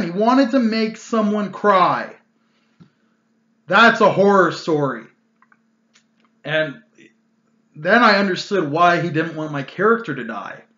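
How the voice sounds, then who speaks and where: A man rants about a past tabletop game in a casual, exasperated way, his voice bright and fairly high. He is recorded in a roomy, echoey space. The sound is a little dull and lo-fi. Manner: ranting, exasperated, loose with fillers. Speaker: channel host telling a gaming story. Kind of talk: casual storytelling vlog.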